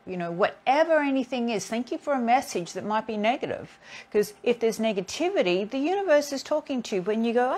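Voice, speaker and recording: Animated woman telling stories in a live stream. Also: mid-range voice. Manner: animated storyteller who acts out both sides of encounters. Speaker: healing therapist hosting a live stream. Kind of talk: casual spiritual talk.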